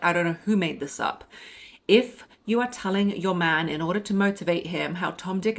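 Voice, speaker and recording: Blunt, emphatic woman coach, lowish voice. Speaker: podcast host and dating coach. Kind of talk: direct advice monologue.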